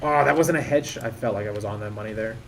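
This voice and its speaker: A man's voice: lowish voice, fast talker, creaky, slight background noise. A man commentating casually while streaming a shooter game, rambling and joking at his own play. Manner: rambling, self-deprecating, talks over the action. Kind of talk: live gameplay commentary.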